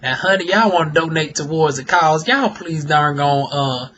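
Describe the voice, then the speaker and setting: A man's voice: fairly high pitch, moderate pace, dull audio, a little hiss or hum. A young man, chatting sassily to his viewers in a casual vlog and calling them "honey" and "y'all.". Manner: sassy, expressive, talks straight to viewers with "honey" and "y'all". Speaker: vlogger and aesthetician.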